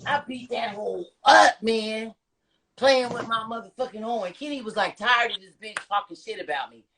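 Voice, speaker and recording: A woman on a podcast, telling stories in a brash, profane, animated way as a guest. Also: a little high, moderate pace, slight background noise. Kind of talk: casual storytelling chat.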